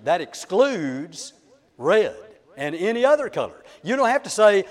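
A man's voice: high-pitched, very animated, moderate pace. Emphatic preacher man in a reverberant hall. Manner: emphatic, swings between loud and soft. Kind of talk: sermon.

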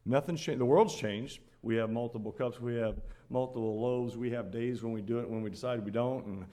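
A man's voice: medium pitch, steady tone, a little fast, warm tone. A man preaching a sermon at the Lord's table, earnest and repeating phrases for emphasis, rising to exhort his listeners.

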